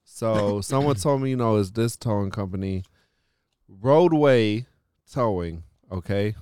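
Guy on a podcast ranting through a story, cusses a lot, smooth voice, dry close sound. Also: lowish voice, measured pace, dry recording. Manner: profane, animated storytelling with frequent "like". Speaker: podcast host. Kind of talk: casual storytelling chat.

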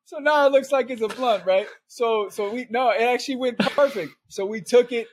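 A man's voice: very high voice, normal speed, slight background noise. A middle-aged man telling a long, rambling story in casual chat, laughing often and tagging "right?" and "man" onto his lines. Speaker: podcast guest storyteller.

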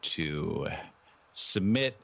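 A man's voice: a bass voice, lively intonation, gravelly, fairly bright tone, heavily acted. A man hamming up a pompous courtroom lawyer. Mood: mock-formal. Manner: slow, mock-formal, grandiose.

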